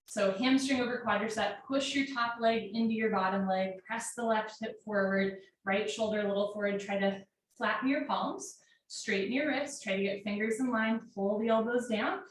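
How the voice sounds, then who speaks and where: A woman's voice: medium pitch, normal speed. Woman giving yoga cues in an echoey room. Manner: steady, directive short commands. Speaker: yoga instructor. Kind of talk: live guided yoga class cues. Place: home room. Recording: very echoey room, mic far off, faint noise.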